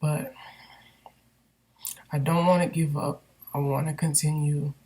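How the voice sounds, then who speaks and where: A woman's voice: low-pitched, little pitch movement, moderate pace, warm tone, slightly rough. A woman candidly venting in a personal vlog, rambling and emotional with many fillers, recorded on a built-in computer microphone. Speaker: vlogger.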